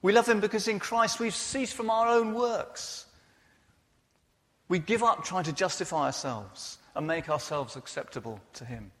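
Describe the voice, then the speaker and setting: A man's voice: high-pitched, fairly bright tone. A man preaching a sermon in a church, earnest and personal in his delivery. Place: church hall. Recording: reverberant church hall.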